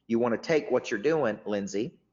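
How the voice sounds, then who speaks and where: A Tennessee business coach hosts a motivational webinar in a medium-pitched, darkish voice at a moderate pace. He speaks emphatically, often starting his words over. The audio sounds muffled, with long reverb.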